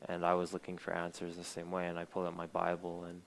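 A young man delivers an earnest sermon, reading scripture and stopping to explain it. His voice sits low and stays fairly flat, and he often restarts his sentences with fillers. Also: fast talker, vocal fry, slight background noise, poor audio. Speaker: preacher.

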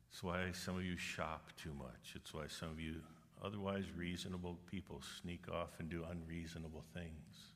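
In a church auditorium, a middle-aged man delivers a sermon as a pastor, his voice sitting low with a slightly bright edge. He earnestly narrates stories and gives voice to each character he quotes, while the big hall rings with long reverb.

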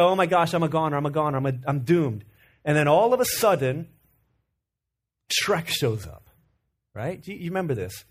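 High-voiced storytelling pastor. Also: male voice. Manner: storytelling, animated, asks the audience. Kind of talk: sermon.

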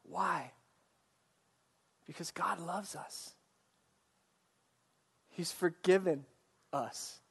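A man's voice: fairly high pitch, slightly rough. A man preaching a sermon in an earnest way, asking his listeners direct questions. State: choked up, coughing. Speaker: pastor.

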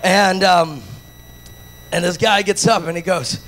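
A man from Latin America preaching a sermon with passion, rising to shouts and acting out the voices of others. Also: high voice, fairly even intonation, a little slow, poor audio.

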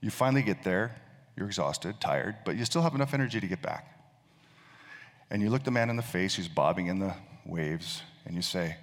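A man's voice: low voice, animated, normal speed. A male pastor preaching a sermon, telling a story and often repeating words as he thinks. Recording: long reverb of a large hall.

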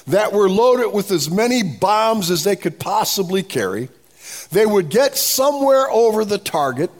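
A middle-aged man preaching a sermon as pastor, acting out pleading prayers with a raised voice. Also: on the high side.

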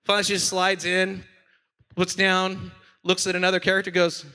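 A man who is a senior pastor, preaching a sermon in a church with animated, playful storytelling. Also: sits high, normal speed, clean tone.

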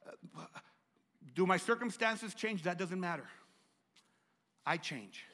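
A middle-aged man preaches a sermon with a stutter, repeating words as he pushes through them. His voice sits high and bright, dropping to near-whispers and rising to loud, emphatic calls. A long reverb from a large church hall trails each phrase. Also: animated, slow pace. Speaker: pastor.

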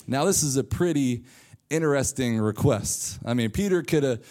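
A man's voice: medium pitch, animated, moderate pace, darkish tone. A man preaching a sermon in church, casual and joking as he retells a story. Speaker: pastor.

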